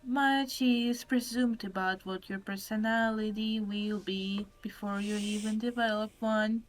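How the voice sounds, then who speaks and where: A woman voicing a gloomy, self-pitying female troll who posts sinister content, reading her lines slowly in a flat robot-like voice. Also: medium pitch, a little hiss or hum, lightly acted, low-quality recording. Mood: brooding. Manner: slow flat robotic delivery. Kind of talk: reading game dialogue aloud.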